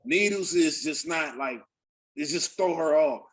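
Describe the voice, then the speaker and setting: In an unhurried, slightly high voice, a young adult podcast host chats casually, his stories loose, laced with swearing, and heavy on filler words.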